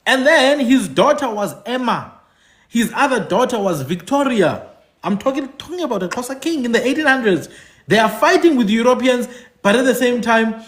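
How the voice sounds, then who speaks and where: A man from Africa, giving emphatic commentary, repeating his points and asking "hmm?". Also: sits high. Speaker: podcast host. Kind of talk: animated commentary.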